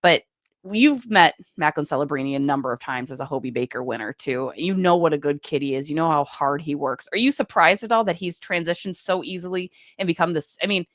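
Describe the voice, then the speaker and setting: A woman with a low voice co-hosts a casual sports podcast. She runs briskly through stats and names, recorded dry and close with no room sound. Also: no room sound. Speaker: podcast co-host. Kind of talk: casual hockey chat.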